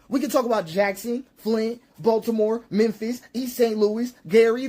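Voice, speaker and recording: A man's voice: very high-pitched, a little mellow. A man giving impassioned spoken commentary, preachy and repetitive, with rhetorical questions and emphatic peaks.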